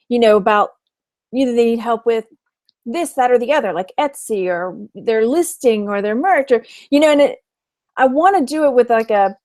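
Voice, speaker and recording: A woman's voice: on the high side, a little mellow. A woman from Texas chatting casually on a livestream, laughing often and reading out viewer comments. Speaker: online reseller and livestream host.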